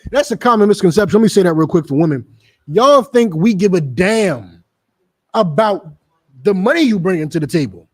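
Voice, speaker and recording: Emphatic high-voiced preacher man. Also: animated, moderate pace. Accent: New Jersey. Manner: emphatic, repetitive, mocking asides in character. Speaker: street preacher. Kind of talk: street sermon.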